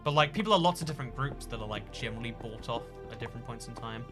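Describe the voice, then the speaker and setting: A man's voice: medium pitch, expressive, racing, music in the background. A man hosting a casual livestream and reading out chat donations. He talks in a rambling, jokey way, full of fillers and restarts.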